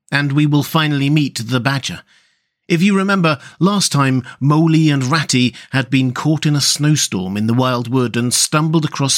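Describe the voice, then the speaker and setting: Gentle male storyteller reading aloud. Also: medium pitch. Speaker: host and storyteller. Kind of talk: scripted narration of a classic story.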